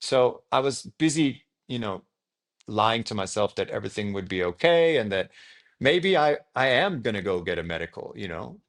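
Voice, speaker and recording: A young man with an Australian accent speaks in a gravelly, fry-laden voice at a middling pitch. He tells his story casually and rambles, filling his speech with likes and ums, as a guest on an interview show. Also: fairly bright tone. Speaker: podcast guest.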